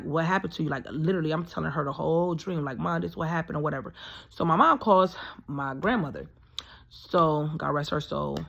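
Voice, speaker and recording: A woman's voice: low-pitched, a bit bright. Woman, 30s, casual storytelling, rambling, emphatic, many fillers.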